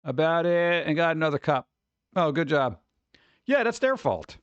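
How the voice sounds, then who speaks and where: Male streamer host, highish voice, rambling jokey chat, dry close mic. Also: normal speed, clear, resonant tone, dry recording, highs cut off. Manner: rambling, jokey and animated, with exaggerated rants. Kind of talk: casual chat reacting to viewer messages.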